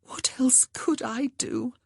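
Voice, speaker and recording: A woman voicing an anxious young gentlewoman who whimpers and pleads in a breathy voice. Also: a little high, animated, normal speed, dry recording, clean studio sound, pitched above the performer's own voice. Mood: tearful.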